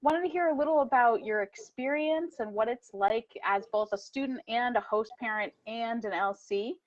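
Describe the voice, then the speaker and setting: A woman asks questions in a friendly, enthusiastic way. Her voice is fairly high, and the recording sounds a bit dull and lo-fi. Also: normal speed. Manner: upbeat, enthusiastic. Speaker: interviewer, student support director. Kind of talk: casual interview chat. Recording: slightly dull lo-fi audio.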